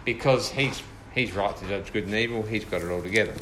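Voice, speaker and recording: A man's voice: fairly low pitch, fairly quick, background noise. A man leading an informal Bible study with a small group, thoughtful and hesitant, with many fillers and restarts.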